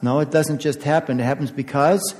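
An older male pastor gives a children's sermon in a chatty, questioning way, chuckling now and then. His voice sits a little high for a man. It rings out through a long-echoing sanctuary. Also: fairly even intonation, fairly quick, a little mellow. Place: church sanctuary. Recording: echoey church sanctuary.

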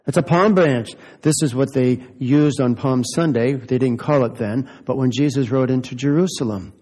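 A man's voice: medium pitch, moderate pace, darkish tone, slightly rough, in a large hall. A man giving a children's sermon as a pastor, asking playful, teasing questions of the children.

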